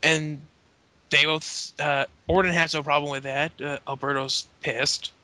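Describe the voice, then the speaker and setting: Bright, high-ish podcast guy rambling. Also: level tone, measured pace. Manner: rambling recap full of fillers. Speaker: podcast co-host. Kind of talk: casual wrestling recap chat.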